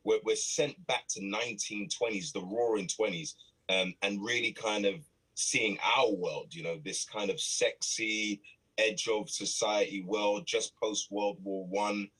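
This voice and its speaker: A British man in his thirties chats playfully on a morning show. His voice sits low, with a husky edge. He often restarts his sentences. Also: fairly even intonation, measured pace, a bit bright, rough recording. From Britain. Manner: playful, easygoing, with many restarts. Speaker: actor and producer guest. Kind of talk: casual chat.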